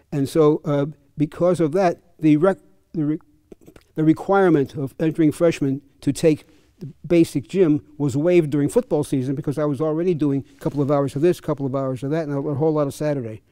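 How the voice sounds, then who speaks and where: A man's voice: on the high side, steady tone, fairly quick, warm tone, smooth, no echo, clean studio sound. An older man and fencing coach, telling chatty, chuckling anecdotes at a clinic. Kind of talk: casual anecdotal storytelling.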